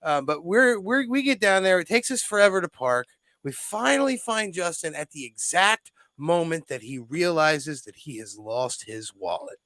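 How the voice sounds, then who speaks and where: Young male podcast co-host, high voice, animated, cusses a lot, dry close sound. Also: moderate pace, no echo. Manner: animated storyteller, swears freely, jumps into quoted voices. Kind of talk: casual storytelling chat.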